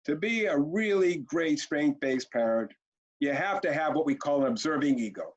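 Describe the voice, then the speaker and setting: A man's voice: a little high, animated, moderate pace. A man presenting a parenting training webinar, talking directly and bluntly to his audience and now and then acting out parent and child exchanges. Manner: direct, punchy, acts out parent and kid exchanges. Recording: muffled lo-fi webinar audio.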